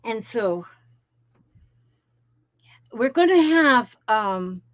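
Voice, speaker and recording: Talking extremely slowly, with big pitch swings in a fairly high voice, a middle-aged Floridian hosts a crafting stream from home. She rambles in folksy, casual chat and greets viewers by name, over dull, dry lo-fi stream audio with no echo.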